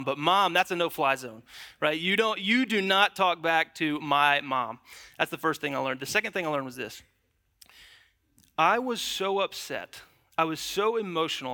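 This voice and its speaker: A young man preaching a sermon, opening with a lively, conversational personal story before moving into scripture. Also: high voice. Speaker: pastor. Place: church.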